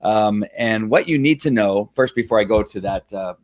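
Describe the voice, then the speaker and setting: Lower-voiced man hosting a rambling live stream. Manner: rambling, halting, many fillers and restarts. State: choked up. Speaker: host of a Facebook Live show. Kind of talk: casual live-stream talk, reading a testimonial aloud.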